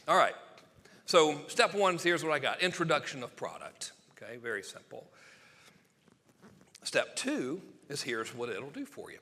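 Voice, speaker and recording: A man giving a live sales seminar, talking fast and excitably, joking and acting out quotes. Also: a little high, big-room sound. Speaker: sales copywriting presenter.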